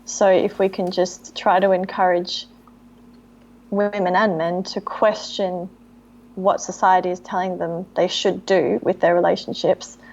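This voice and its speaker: A woman's voice: fairly low pitch, flat delivery, unhurried, a little mellow, muffled recording. A woman, a guest in a casual chat, talking earnestly and thoughtfully.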